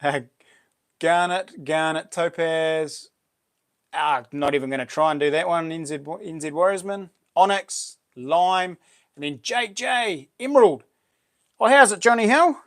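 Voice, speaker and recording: A man's voice: a little high, a little slow, long pauses. A middle-aged man with a New Zealand accent hosting a casual live stream, greeting viewers by name in a chatty way. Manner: chatty, reads out viewer names and greets them warmly. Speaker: livestream host.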